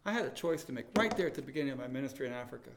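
A man preaching a sermon, telling stories and swinging between loud proclaiming and hushed pleading. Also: mid-range voice, lively intonation, very fast, noisy background. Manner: storytelling with quoted dialogue.

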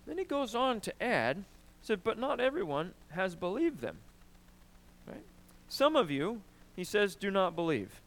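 A man preaching a sermon, emphatic and animated, often asking "right?" and clearing his throat. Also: sits high, measured pace. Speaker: pastor.

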